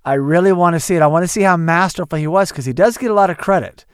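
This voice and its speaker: A man's voice: high voice, fast talker, smooth, no room sound, studio quality. A man co-hosting a movie podcast, chatting with enthusiasm. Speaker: podcast co-host. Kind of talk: casual chat.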